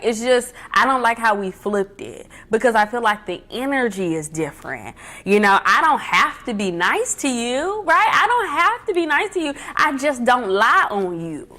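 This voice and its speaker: A woman's voice: medium pitch, a bit bright. A woman hosting a casual livestream from home, giving life advice in an emphatic, chatty way and repeating her key points. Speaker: livestream host.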